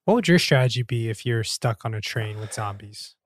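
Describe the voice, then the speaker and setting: A man co-hosting a podcast, relaxed and laid-back in casual chat about films. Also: on the low side, brisk, dry recording, studio quality. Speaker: podcast co-host. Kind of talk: casual film-discussion chat.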